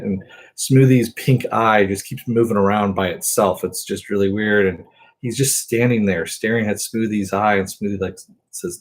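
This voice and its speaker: A man's voice: fairly low pitch, steady tone, normal speed, low-quality recording. A man casually recapping a TV episode as a reviewer, rambling along with lots of fillers.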